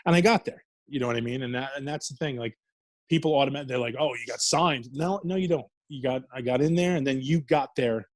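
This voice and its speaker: A fast-talking wrestler guest, a middle-aged man from New York, fires off profane, laughing, rambling stories in a casual interview. His voice is mid-range, with no room sound.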